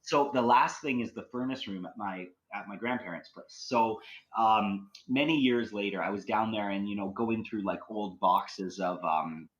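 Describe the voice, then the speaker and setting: The recording is poor, but this Canadian podcast guest is clearly excitable, rambling through casual stories with plenty of filler words. He has a lowish voice and talks at normal speed.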